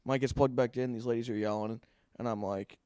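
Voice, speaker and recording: A young man with a Philadelphia-area accent, co-hosting a podcast and telling stand-up stories in an animated way, laughing often. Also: mid-range voice, brisk, clear, resonant tone, no room sound. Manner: animated, laughs often, acts out quotes in a raised voice. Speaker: podcast co-host. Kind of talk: casual storytelling chat. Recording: dry close studio mic.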